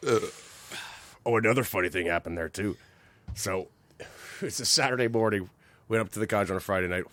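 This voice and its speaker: A man's voice: on the low side, brisk. A man co-hosting a podcast, chatting casually and acting out the people in his stories. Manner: animated storyteller, acts out other people's lines. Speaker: podcast co-host. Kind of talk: casual chat.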